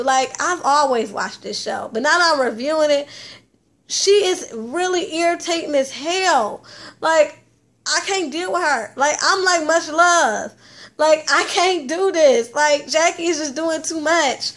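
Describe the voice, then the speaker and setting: A woman's voice: high-pitched, unhurried, a bit bright. A woman hosting a casual reality TV recap, chatty and blunt, with plenty of slang and swearing. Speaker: TV recap host.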